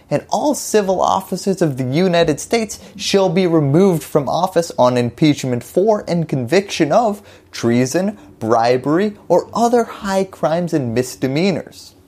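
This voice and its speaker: A woman's voice: deep voice, dark tone. A woman hosting a scripted political explainer, delivering it with wry, jokey asides.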